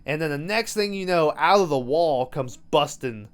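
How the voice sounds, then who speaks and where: A man's voice: a little high, expressive, normal speed, clear, resonant tone. A man hosting a podcast, recapping a movie in loose, profane storytelling full of "um" and "like". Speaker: podcast host.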